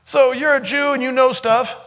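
A man putting on a high, breezy woman's voice for a sermon skit. She dodges every hard point and chatters to change the subject. Her voice is pitched well above his own, lively and deflecting. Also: normal speed, big-room sound. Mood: evasive.

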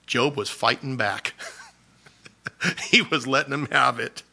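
A male pastor with a bright, forceful voice preaches a sermon. He talks in a relaxed, conversational way and laughs often. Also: medium pitch, a little slow, creaky. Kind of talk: sermon teaching.

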